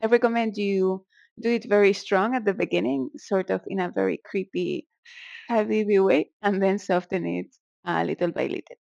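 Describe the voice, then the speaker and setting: Gravelly-voiced woman teaching sounds playfully. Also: medium pitch, normal speed, darkish tone, dry recording, muffled recording. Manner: playful, exaggerates sounds for effect. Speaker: Arabic teacher. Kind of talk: casual language lesson.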